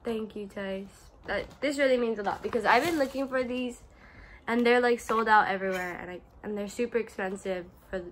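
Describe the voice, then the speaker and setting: Excited, rambling young woman. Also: a little high, fairly quick, a little hiss or hum. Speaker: friend opening gifts. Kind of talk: casual vlog chat.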